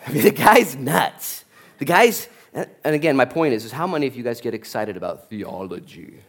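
A man preaching a sermon as a pastor, telling stories with lively, animated energy and acting out the people in them. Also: mid-range voice, moderate pace. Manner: animated storytelling, acting out voices.

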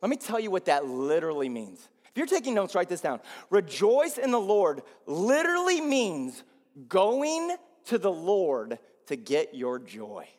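A male pastor preaching a sermon, swinging between loud rises and low, quiet drops. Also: huge pitch swings, a little slow. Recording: long hall reverb.

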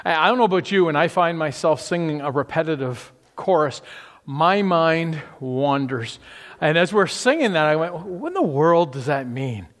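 A man's voice: fairly high pitch, animated, moderate pace, fairly bright tone, big-room sound. A man preaching a conversational sermon, asking the listeners rhetorical questions and often restarting his sentences. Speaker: pastor.

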